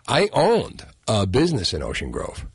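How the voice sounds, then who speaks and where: A man hosting a radio talk show from New Jersey, bantering in a jokey, animated way with his co-host. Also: medium pitch, normal speed, breathy edge, no room sound, clean studio sound. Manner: jokey, animated, frequent laughs. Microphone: studio microphone.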